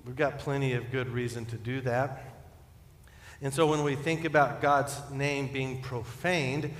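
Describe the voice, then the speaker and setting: A man's voice: medium pitch, fairly even intonation, a little slow. Man preaching in an echoing hall. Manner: earnest preaching, rising to emphatic peaks then dropping soft. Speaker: pastor. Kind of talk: sermon. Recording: echoey church hall with long reverb.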